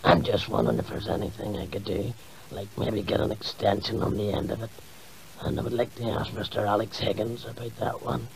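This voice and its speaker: Man as a low gravelly punter, audience crowd audible. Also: steady tone, a little fast, rough recording. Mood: sheepish. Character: shy embarrassed male audience member.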